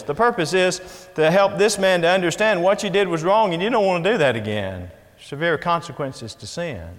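A man's voice: high voice, fairly bright tone, in a large hall. A man preaching a sermon in an earnest, emphatic way, reading scripture and repeating key phrases.

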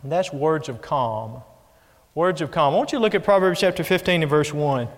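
A man delivers a folksy sermon, leaning on homely examples and direct questions to the listeners. His voice sits a little high and swings between loud emphasis and near-hushed softness. The sound carries a long reverb, as from a church hall. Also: expressive, brisk. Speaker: preacher.

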